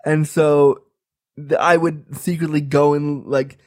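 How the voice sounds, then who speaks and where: A man's voice: fairly high pitch, flat delivery, slow. A man in his thirties telling a comic personal story, candid and chatty, full of fillers. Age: 30s.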